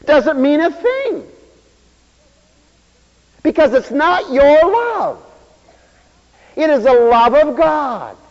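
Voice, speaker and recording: High, lively preacher on a lo-fi radio broadcast. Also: male voice, extremely slow, vocal fry, pauses often. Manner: swings between loud exclamations and low asides, acts out quoted voices. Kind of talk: sermon. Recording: dull, lo-fi radio broadcast with hall reverb.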